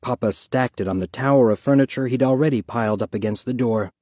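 Male audiobook narrator, steady, dry close recording. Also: mid-range voice, fast talker, slightly rough, no room sound. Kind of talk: scripted narration.

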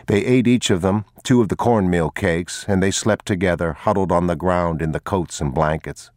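A man with a very deep voice reading a story aloud, grave and measured, never rushing a line. The read is dry and close, with no room around it. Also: dry recording. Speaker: narrator. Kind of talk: audiobook narration.

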